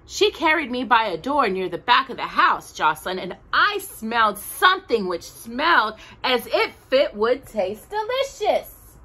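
A cheerful, eager female rag doll from a storybook, put on by a woman reading aloud. Her voice rides high and bright, with lively, bouncing pitch and a lot of exclaiming. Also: unhurried, hardly any pauses, husky, full character voice.

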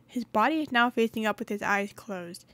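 A woman's voice: on the high side, moderate pace, fairly bright tone. A woman hosting a gaming channel, reading a story game's narration aloud with occasional asides.

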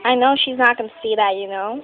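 A woman with a voice on the high side performs teenage doll characters in a homemade skit, heard with phone-quality sound. Her delivery halts and rambles, and she clears her throat often.

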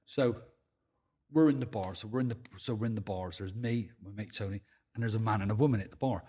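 Bristol man, podcast guest, husky voice, swears freely while acting out his stories. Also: fairly low pitch, a little mellow. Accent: Bristol English. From England. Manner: swears heavily, acts out dialogue, laughs while telling stories. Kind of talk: casual storytelling.

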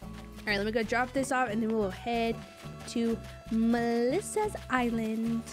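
Young woman streamer, slightly high, chatty and scattered, constant fillers, thanks her chat. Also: a little slow, over music. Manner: rambling and chatty, trailing off with many fillers; bubbly, reads out and thanks viewers. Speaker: game streamer. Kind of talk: live gameplay stream chatter.

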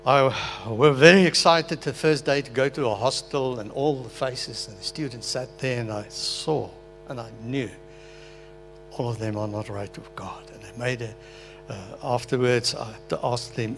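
A man's voice: medium pitch, moderate pace, faint music behind. An older man from Africa, an earnest, emotional pastor sharing his personal testimony in a sermon. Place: meeting hall.

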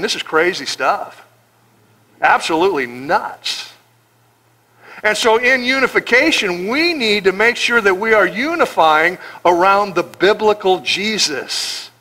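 A middle-aged man pastor preaching a sermon in an animated, joking way, acting out the voices of people he quotes. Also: sits high.

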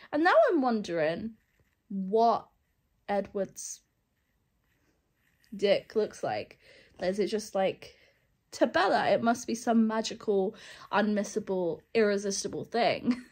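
Husky, slow-talking woman vlogger. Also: mid-range voice, darkish tone. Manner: candid, sarcastic, laughs often. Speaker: book vlogger. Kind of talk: casual reading vlog chat.

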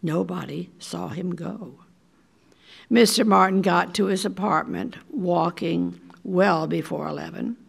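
An older woman reading a short story aloud in a measured, deliberate way. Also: medium pitch, vocal fry, husky. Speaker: resident reader.

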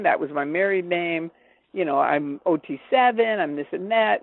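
An older woman telling her personal story as an interview guest, animated and acting out the dialogue she quotes. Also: fairly low pitch, moderate pace, vocal fry, no echo. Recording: tinny dry phone line.

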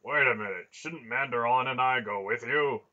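A man voicing a blunt, loud young male fighter who is quick to protest, on a dull lo-fi recording. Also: medium pitch, voice pushed up, lightly acted. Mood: blunt, incredulous. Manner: loud, incredulous.

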